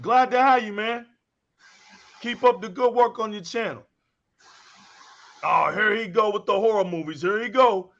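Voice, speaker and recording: A man hosting a casual gaming podcast, hyped and shouting shout-outs to guests. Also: high voice, normal speed, long pauses, lo-fi sound. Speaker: podcast host.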